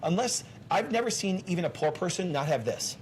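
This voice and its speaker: Fast emphatic guy doc rambling w rhetorical questions, kinda high voice. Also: animated, a little hiss or hum. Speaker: doctor and show host. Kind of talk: casual health talk.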